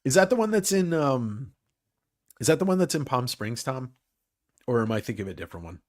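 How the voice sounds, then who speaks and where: A man's voice: medium pitch, expressive, a little fast. A man hosting a casual livestream chat about comics who rambles, jokes and swears freely. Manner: rambling, joking, profane. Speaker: host.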